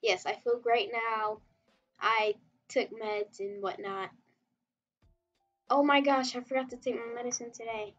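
Brief: high-pitched woman, giggly rambling livestream chat while drawing, slightly muffled, soft music underneath. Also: steady tone, unhurried, long pauses. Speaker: webtoon artist streamer.

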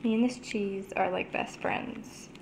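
A woman's voice: medium pitch, steady tone, unhurried, creaky, noisy background. A teenage girl chatting casually as she films herself at home on a handheld camera, narrating what she does. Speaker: vlogger. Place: home kitchen, indoors.

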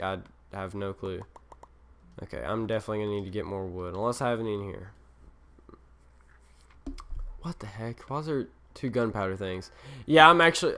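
A man's voice: medium pitch, bright, forceful tone, clear, resonant tone. A young man narrating his own game as he plays, in rambling, self-mocking commentary that drifts from one thing to the next. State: tired. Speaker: gaming channel host. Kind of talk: Let's Play commentary.

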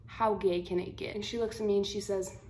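A twenty-year-old woman vlogging, telling a story to camera in a blunt, slangy, animated way. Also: medium pitch, a little fast. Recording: roomy echo, faint room hum.

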